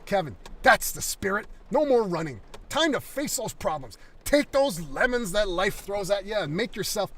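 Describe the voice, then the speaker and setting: A man reading the part of a smug, handcuffed smoker who calmly goads his captor. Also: high-pitched, normal speed, few pauses, recorded from a distance, pitched above the performer's own voice, full character voice. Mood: taunting. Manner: calm goading taunts.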